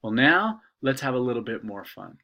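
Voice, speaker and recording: Animated man giving a lecture. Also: medium pitch, moderate pace. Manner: conversational, filler-laden explaining. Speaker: instructor. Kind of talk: recorded video lecture.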